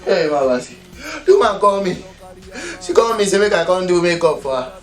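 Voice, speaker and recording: A man with a Nigerian Pidgin accent excitedly retelling a mishap in a comedy skit, breathless and chuckling as he talks. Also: high-pitched, fairly quick, faint music behind. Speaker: comedian telling his own story.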